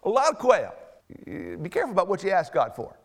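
Male pastor, high voice that swings widely, emphatic sermon delivery. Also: slightly rough. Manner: animated, drawn-out emphatic reading of scripture; acts out voices of church members.

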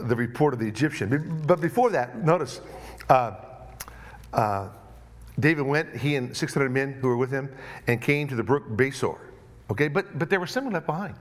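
A male pastor delivering a sermon, acting out the story's voices as he goes. His slightly high voice swings widely in pitch, rising into excited shouts and dropping to quiet asides. He stumbles and repeats words as he builds his points. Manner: animated, acts out voices of the story.

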